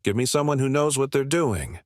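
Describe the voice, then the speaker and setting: A man voicing a loud, rude male diner from Texas who mocks and complains. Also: mid-range voice, lively intonation, normal speed, no echo, studio quality, pitched above the performer's own voice, close to an everyday voice. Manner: brash, mocking, complaining.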